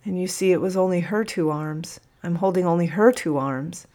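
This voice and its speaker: A woman with a low voice reads a first-person audiobook. Her delivery is measured and emotional, as in careful storytelling. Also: mellow. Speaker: audiobook narrator.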